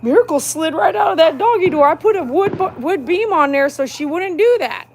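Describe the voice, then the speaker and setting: A middle-aged woman, chatting casually on a livestream, full of filler words and loud bursts when calling her dogs. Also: very high-pitched, expressive, brisk, slight background noise. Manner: chatty, storytelling, lots of "like" fillers. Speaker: dog groomer and small business owner. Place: home patio.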